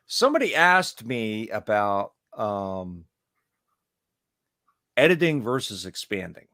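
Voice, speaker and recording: A man's voice: fairly low pitch, very animated, slow pace, pauses often, pushed and bright, no echo, clean studio sound. A man co-hosting a podcast on writing, thinking aloud in casual chat. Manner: thinks aloud, restarts sentences. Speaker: podcast co-host.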